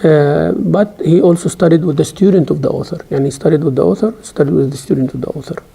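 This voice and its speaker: Middle-aged lecturer, dark gravelly voice, emphatic classroom delivery. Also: male voice, on the high side. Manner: emphatic, rising sharply when stressing points; recites scripture in rapid chant. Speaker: Islamic studies teacher.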